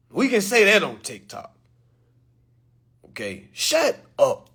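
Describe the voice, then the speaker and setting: A man in a casual talk to his camera for his followers, with loose slangy speech that swings between loud and animated and low and quiet. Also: moderate pace. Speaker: social media creator. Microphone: phone or camera mic.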